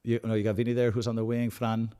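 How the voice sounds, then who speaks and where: A man hosting a live match watch-along, calmly analysing tactics and breaking into excited outbursts at big plays. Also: medium pitch, fast, clean tone. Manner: chatty, repeats himself and restarts phrases. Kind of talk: live fan match commentary.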